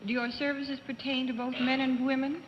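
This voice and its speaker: Poised female panelist, fairly high-pitched, working through careful questions in a dull, echoing old broadcast. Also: flat delivery, brisk, a little hiss or hum. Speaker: game show panelist. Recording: dull, reverberant 1950s TV studio broadcast.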